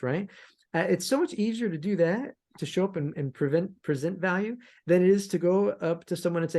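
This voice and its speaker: A man guest on a podcast interview, telling stories from his music career in an animated way and often repeating words as he restarts. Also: fairly high pitch, brisk, gravelly. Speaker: guest, sync licensing musician. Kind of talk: conversational interview answers.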